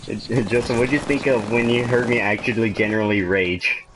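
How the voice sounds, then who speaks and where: A young man chatting with a friend, relaxed and asking questions. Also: fairly low pitch, normal speed, background noise. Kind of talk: casual chat.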